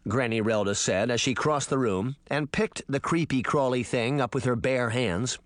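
A man narrating a children's novel in an expressive storytelling manner, voicing each character. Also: mid-range voice, normal speed, few pauses, no echo. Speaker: audiobook narrator. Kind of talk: scripted narration.

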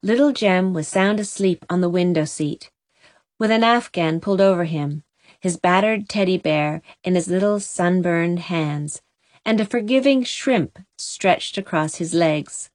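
A woman narrating an audiobook in a gentle, measured reading style. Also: on the low side, no echo.

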